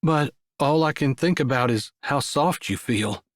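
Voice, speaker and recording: A man voicing a gentle young cowboy in an audiobook romance, earnest and tender. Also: medium pitch, unhurried, dry recording, studio quality, lightly acted. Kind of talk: audiobook dialogue.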